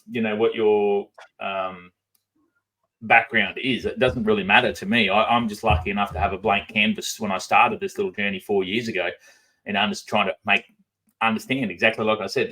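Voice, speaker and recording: A man's voice: fairly low pitch, bright, forceful tone. An Australian man, a podcast guest, talking casually with a mouth-half-shut drawl and lots of ums. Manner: says um a lot, talks with a drawl and barely opens his mouth. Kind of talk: casual conversation.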